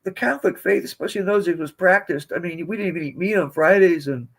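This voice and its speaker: A man's voice: high voice, fast talker, vocal fry. A man in his seventies from the United States, a podcast guest telling rambling, digressive stories in a casual way. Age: 70s. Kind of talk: casual storytelling.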